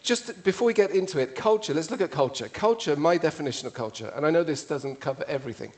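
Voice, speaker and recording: A man's voice: a little high, lively intonation, fast, darkish tone. A man with an English accent giving a witty, conversational public talk to an audience. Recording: played from a video.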